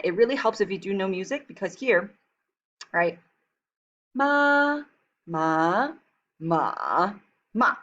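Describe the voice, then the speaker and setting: Fast-talking woman teacher, dull recording. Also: medium pitch, fairly bright tone. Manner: fast-talking, chatty, switches into slow careful Mandarin demonstrations. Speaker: Chinese language teacher. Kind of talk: recorded textbook lesson.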